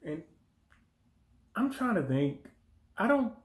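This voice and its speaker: A man's voice: very animated, takes it slowly. A man relationship coach chatting casually with his wife, easygoing and reflective. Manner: easygoing, reflective, jumps high when quoting others. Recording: roomy echo.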